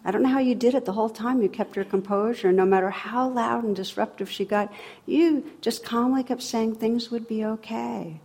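A woman's voice: a little high, moderate pace, a little mellow, slightly rough, voice pushed up. A woman voicing a polite male stranger who earnestly compliments someone. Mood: admiring.

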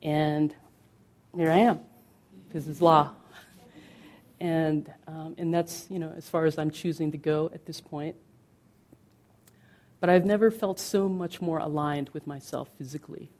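A middle-aged woman from the United States gives a candid dharma talk as a meditation teacher. She talks conversationally with many fillers and slows down on key words. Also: sits low, steady tone, darkish tone.

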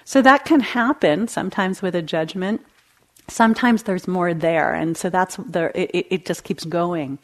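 A woman meditation teacher giving a dharma talk in a gentle, conversational way, laughing lightly now and then. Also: on the low side, a little slow. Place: meditation hall.

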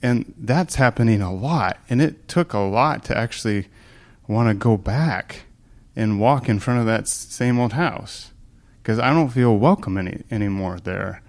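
A man with a very deep voice shares a personal story with a meditation group. He speaks softly and haltingly, and sometimes breaks off mid-thought as emotion comes through. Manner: halting, soft-spoken, emotional. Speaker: group participant sharing a story.

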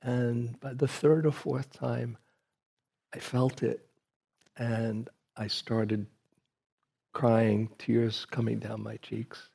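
A man's voice: medium pitch, flat delivery, extremely slow, gravelly, pauses often, mellow, slightly rough. A man giving a reflective dharma talk to a group, telling a personal story with frequent restarts.

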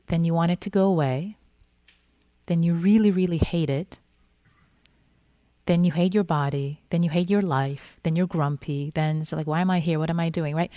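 A woman meditation teacher giving a gentle, repetitive dharma talk in which she acts out inner thoughts. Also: lowish voice, no echo. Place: meditation hall.

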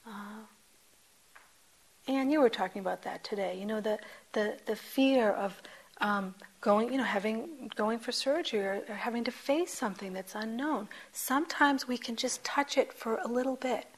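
A woman meditation teacher speaks to a group gathered in a meditation hall. Her voice sits a little high, and her delivery is gentle and conversational, with many soft asides. At times she drops into a near whisper. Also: normal speed. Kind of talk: dharma talk.

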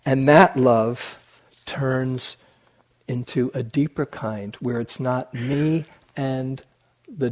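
Slow, husky male meditation teacher. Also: mid-range voice, darkish tone. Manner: reflective, unhurried storytelling. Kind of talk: dharma talk. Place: meditation hall before an audience.

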